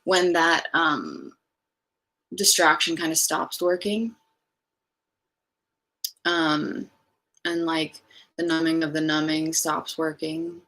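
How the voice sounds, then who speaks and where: A woman's voice: low voice, steady tone, slow pace, long pauses, fairly bright tone, low-quality recording. A woman chatting casually to fans on a livestream, rambling with many fillers and getting emotional. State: emotional, near tears. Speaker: singer talking to fans on a livestream.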